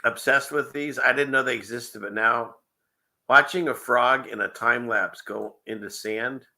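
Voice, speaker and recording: A man's voice: mid-range voice, measured pace, sharp tone. A man hosting a casual livestream show, rambling and chuckling often between loose asides. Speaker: show host.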